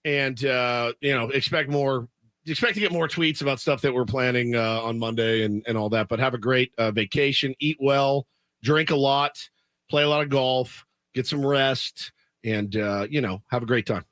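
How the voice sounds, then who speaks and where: A man's voice: medium pitch, moderate pace, a bit bright, dry recording. A man hosting a sports radio show, bantering and laughing often. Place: radio studio.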